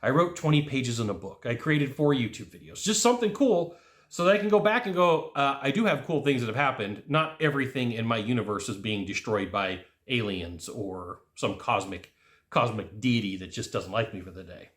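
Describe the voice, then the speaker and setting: A man giving a casual, jokey motivational sales talk, acting out quotes with sudden jumps in pitch. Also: lively intonation, moderate pace, reverberant. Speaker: sales coach.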